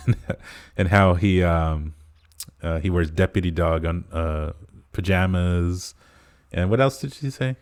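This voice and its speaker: A man with a low, deep voice chatting casually about a film on a podcast. He wanders through the plot with frequent "uh" pauses, relaxed and unscripted. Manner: rambling plot recap full of "uh" fillers. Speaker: podcast co-host. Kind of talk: casual movie review chat.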